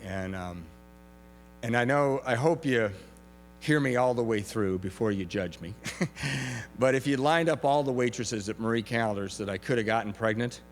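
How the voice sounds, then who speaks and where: A middle-aged man with a Southern Californian accent, speaking candidly at a recovery meeting, self-mocking and full of halting restarts. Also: medium pitch. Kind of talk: personal testimony talk. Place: large convention hall. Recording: hall echo, faint hum.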